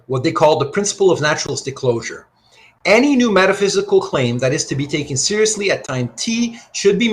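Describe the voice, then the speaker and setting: Man, philosophy lecturer, bright tone, slightly high voice, conversational, classroom. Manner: animated, conversational, asks the class questions. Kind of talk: university lecture.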